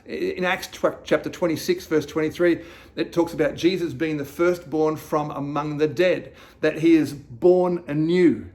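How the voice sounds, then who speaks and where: A man giving a slow, reflective devotional sermon as a pastor, reading scripture aloud and asking the listener questions. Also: on the high side, fairly even intonation, darkish tone.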